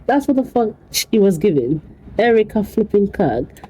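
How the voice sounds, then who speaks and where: A woman's voice: mid-range voice, normal speed, breathy edge, poor audio. A woman vlogger talking casually to her viewers, exclaiming, laughing and repeating phrases over and over. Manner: animated, repetitive, exclamatory, laughs often. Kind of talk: casual commentary to camera.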